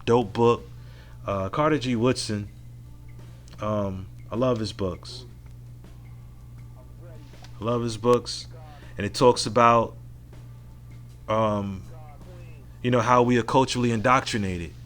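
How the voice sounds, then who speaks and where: Alone at home, a man hosts his own podcast, speaking frankly, profanely and reflectively into a mic. His lowish voice is a bit bright and holds a steady tone, delivered at a slow pace with frequent pauses in this casual solo monologue.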